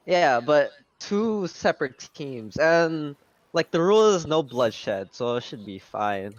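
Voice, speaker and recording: A man playing a tabletop game, chatting excitedly and laughing between lines. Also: on the high side, slow pace, no room sound, lo-fi sound. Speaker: player. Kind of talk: casual chat at a game table.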